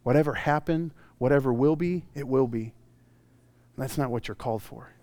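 A male pastor preaching a sermon, telling stories with animated swings from loud bursts to hushed, intimate passages. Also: medium pitch, normal speed, no echo.

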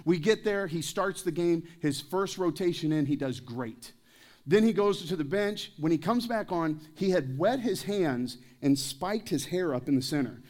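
A pastor with a slightly high, a little mellow voice preaches a sermon at a church service, expressive and at a moderate pace. He tells joking anecdotes and puts questions to the congregation.

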